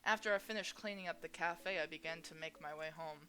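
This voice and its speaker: A woman's voice: low voice, fast talker, pushed and bright. A woman reading a visual novel's anxious protagonist, narrating worried inner monologue. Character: anxious young protagonist, self-blaming. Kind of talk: voicing a visual novel aloud.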